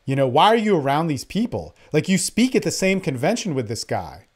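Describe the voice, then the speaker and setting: A man's voice: fairly high pitch, big pitch swings, a little fast, husky. A man who works as a dating coach, talking in an angry, profane, rambling monologue. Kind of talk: impassioned monologue.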